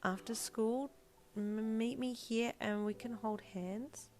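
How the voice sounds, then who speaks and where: A woman's voice: a little high, steady tone, slow pace, darkish tone, voice pushed up. A woman voicing a jealous, sulky four-year-old boy who talks bluntly with a pout. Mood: bashful. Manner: blunt, pouting.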